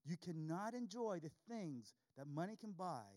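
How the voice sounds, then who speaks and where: A man's voice: high-pitched, animated, moderate pace, darkish tone. A man preaching a sermon, reading scripture aloud and repeating key lines for emphasis. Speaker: pastor.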